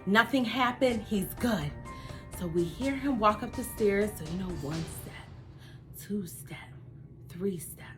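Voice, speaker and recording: A middle-aged woman hosting a vlog, telling a family story in an animated, dramatic way and acting out what the others said. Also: mid-range voice, unhurried, music in the background. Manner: animated, dramatic retelling that acts out the others' lines.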